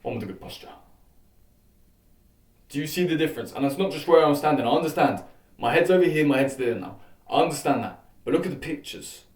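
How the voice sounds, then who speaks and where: A young man hosting a self-improvement vlog, coaching viewers through posture exercises in a casual, energetic way. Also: medium pitch.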